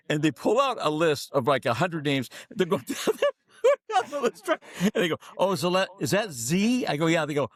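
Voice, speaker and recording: A middle-aged man, a keynote speaker, tells a story as a podcast guest and acts out each person's lines as he goes. His voice sits fairly high for a man. The sound is dry and close to the mic. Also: moderate pace, no room sound. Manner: animated storyteller, acts out dialogue.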